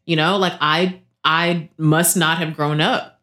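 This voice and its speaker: Thirties woman podcast cohost, lowish voice, animated storytelling, casual chat. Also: slow. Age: 30s. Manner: animated storyteller, acts out quotes with pitch jumps. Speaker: podcast co-host.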